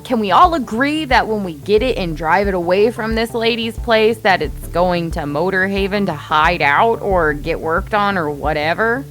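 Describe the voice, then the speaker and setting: A woman playing a tabletop game, talking in an animated, rambling way. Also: medium pitch, soft background music. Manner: animated, rambling, quick to laugh. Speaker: player. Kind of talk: casual tabletop play.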